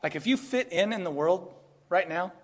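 Animated pastor man, higher voice. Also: normal speed. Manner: animated, laughs often, acts out quoted voices. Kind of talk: expository sermon.

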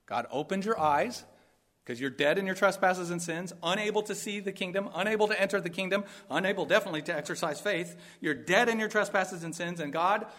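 A man preaching a sermon, emphatic, moving between quiet asides and loud outbursts. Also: sits high. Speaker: pastor.

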